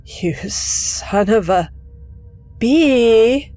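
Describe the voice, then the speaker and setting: A woman voicing a distraught teenage boy grieving a friend, shouting in a strained, tearful voice. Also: on the low side, slow pace, slightly rough, no echo, faint music behind. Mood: anguished. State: choked, tearful.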